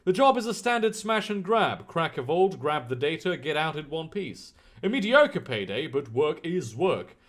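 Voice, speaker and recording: Lively-voiced man streaming a game. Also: fairly high pitch, normal speed, few pauses. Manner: chatty, muses aloud. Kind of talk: reading game text aloud with casual commentary.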